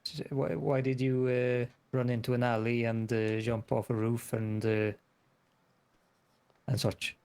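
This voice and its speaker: A man playing a character in a voice chat role-play, talking hesitantly with lots of pauses. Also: medium pitch, level tone, a little mellow, clean tone. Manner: hesitant, full of "uh".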